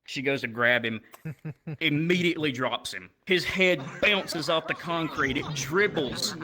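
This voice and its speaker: A man's voice: a little high, unhurried. A man doing stand-up comedy on a club stage, telling a profane story and acting out the people in it. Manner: profane, animated, acts out characters. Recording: loud crowd noise. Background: audience laughter.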